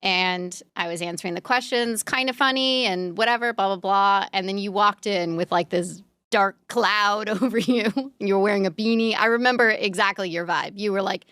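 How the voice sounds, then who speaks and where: A woman's voice: mid-range voice, normal speed, fairly bright tone, clear, resonant tone, no room sound, studio quality. A woman telling a story on a comedy podcast in a chatty way. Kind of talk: casual podcast chat.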